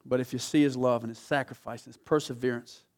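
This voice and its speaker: A male pastor preaching a sermon in a church, swinging from quiet asides to loud, emphatic scripture reading. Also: mid-range voice, fairly even intonation, fast talker.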